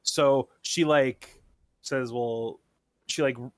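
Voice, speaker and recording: A man's voice: mid-range voice, steady tone, takes it slowly, dry recording. A man co-hosting a podcast, retelling a show in a rambling casual chat full of fillers and quoted lines. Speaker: podcast co-host.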